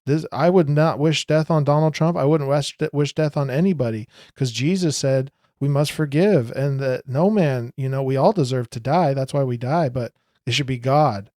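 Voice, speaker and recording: A man giving a casual commentary vlog, talking in an emphatic, rambling way that rises into loud bursts. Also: medium pitch, normal speed, no room sound, clean studio sound. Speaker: video commentator.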